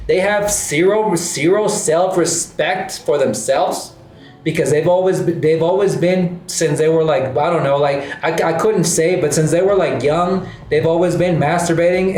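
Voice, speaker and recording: A host rants casually in a fairly high, darkish voice, swearing constantly and repeating himself, dropping "bro" and "dude" into almost every line. The recording has a roomy echo with faint music.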